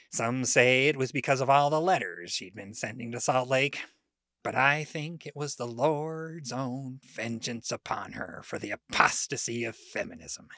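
Lively, wry dramatic storyteller. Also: mid-range voice, no room sound, studio quality. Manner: expressive, shifts tone for quoted speech. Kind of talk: dramatic monologue reading.

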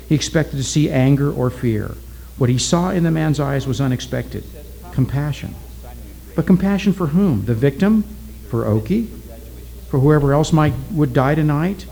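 A man narrating a story aloud in a steady, deliberate reading style. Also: medium pitch, low-quality recording.

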